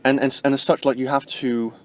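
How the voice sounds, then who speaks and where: A man vlogging about spirituality in a casual, rambling way, tagging "right?" onto his points and jumping up in pitch for emphasis. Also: flat delivery, fairly quick. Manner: rambling, heavy use of fillers like "like" and "right?"; swings sharply up in pitch and loudness to stress points. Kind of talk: casual spoken explanation to camera.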